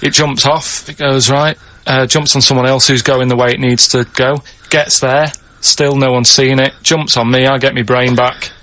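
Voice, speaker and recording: Deadpan man rambling on. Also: medium pitch, normal speed, hardly any pauses, slight background noise. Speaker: radio show regular. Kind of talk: comedy radio chat. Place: radio studio.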